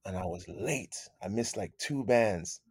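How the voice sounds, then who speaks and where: A man telling stories as a guest in a casual interview, animated, repeating his phrases and calling people "man". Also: fairly low pitch, a little slow, husky, dry recording, clean studio sound. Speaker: guest musician.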